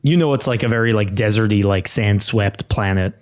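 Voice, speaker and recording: A man narrating as game master of a tabletop role-play, relaxed and rambling with fillers. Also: on the low side, a little fast.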